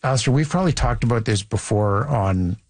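A man's voice: medium pitch, animated, a little fast, no room sound. A male radio host chatting with callers and his co-host in a friendly, upbeat way. The sound is close and dry, with no room around it. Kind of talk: call-in radio chat.

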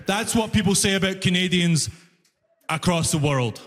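A man doing a stand-up comedy routine, telling stories with animated energy and laughing along, English not his first language. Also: high-pitched, moderate pace, long reverb tail. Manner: animated storyteller, breaks into laughter.

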